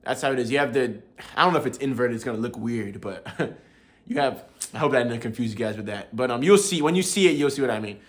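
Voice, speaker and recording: A man's voice: medium pitch, fast. Laid-back young man explaining casually. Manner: laid-back, calls viewers bro, chuckles while explaining. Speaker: language learner teaching viewers.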